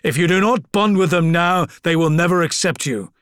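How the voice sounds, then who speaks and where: A man's voice: on the high side, normal speed, fairly bright tone, smooth, dry recording, clean studio sound, close to an everyday voice. A man voicing a stern, wounded lord barking orders through gritted teeth in an audiobook. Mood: commanding. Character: stern wounded older male lord, commanding.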